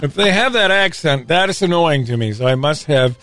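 A man's voice: fairly high pitch, animated, a little fast. A man in his forties hosting a comedy radio show, cracking puns and laughing at his own jokes in casual banter. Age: 40s.

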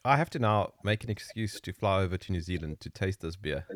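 A man hosting a casual chat speaks in a lowish voice that rises and falls a lot, teasing his guest and laughing often. His voice sounds dry and close to the mic. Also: lively intonation, fairly quick, no echo. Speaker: host.

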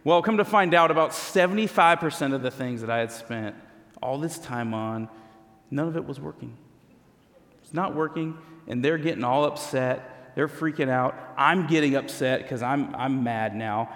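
Male pastor, thirties to forties, chatty storytelling sermon, mid pitch, long reverb of a church hall. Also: moderate pace, a bit bright. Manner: conversational storytelling with self-deprecating humor.

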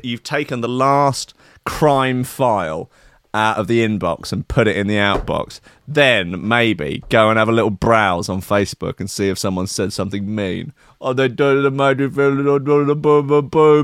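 A man's voice: lowish voice, a bit bright, dry recording, clean studio sound. A man reading out news stories and mocking them in a sarcastic, exasperated rant. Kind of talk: ranting news commentary.

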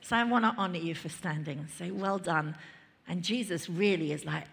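A woman pastor preaching a lively, conversational sermon in a church, laughing and chatting between points. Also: lowish voice, normal speed, creaky. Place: large church hall. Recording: reverberant church hall.

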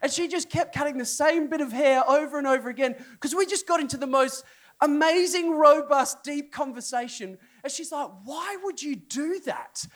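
Animated storytelling pastor, man. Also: very high-pitched, brisk. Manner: animated storyteller, acts out people, voice jumps up for inner outbursts. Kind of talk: humorous sermon storytelling. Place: church hall before a congregation.

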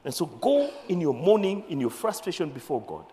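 A man preaching a sermon as a bishop, animated, acting out the voices of scripture figures and dropping into Swahili phrases. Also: on the high side, fairly quick. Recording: long hall reverb.

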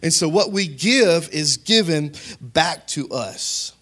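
A male pastor preaching a lively sermon in a slightly high voice. He talks to the congregation like a friend, then builds to loud, emphatic peaks. After those he drops back into quiet asides. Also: slow. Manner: conversational, addresses the congregation directly.

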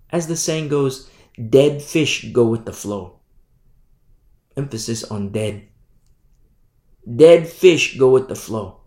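Preaching as a pastor in a church hall, a man with a rather high, creaky, slightly mellow voice speaks emphatically and repetitively, often asking "you see?" The room sounds echoey.

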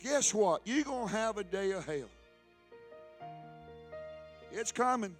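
A man pastor preaching a fiery sermon, often shouting and calling out to the congregation. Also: high-pitched, lively intonation, takes it slowly, soft background music. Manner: shouting, preaching with rising intensity and call-and-response.

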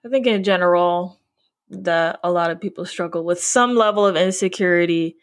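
A woman's voice: fairly low pitch, moderate pace. A woman co-hosting a podcast in casual chat, frank and slangy, laughing often. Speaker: podcast co-host.

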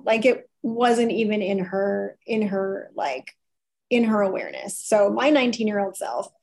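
A woman's voice: mid-range voice, a little mellow. A woman being interviewed as a company CEO, talking candidly and emphatically and laughing easily. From farming family. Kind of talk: casual interview chat.

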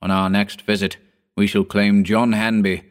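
A cold alien overlord dictating terms to humanity in a deep, low voice, formal and merciless, as a male storybook reader gives him voice. Every demand lands as flat, unhurried command. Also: lightly acted. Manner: commanding, coldly formal decree.

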